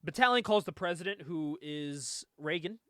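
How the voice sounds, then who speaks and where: A man's voice: on the high side, a bit bright, no echo. Chatty man with a dry, close sound. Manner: loose, chatty retelling with frequent laughs and swearing. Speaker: podcast host. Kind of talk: casual comic book recap.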